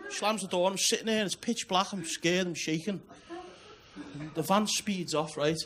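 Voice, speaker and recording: A stand-up comedian with a Liverpool accent and a high voice performs a sweary set at normal speed, chatting with the crowd and checking they're keeping up. It's a live recording from a comedy club stage, full of loud crowd laughter and noise.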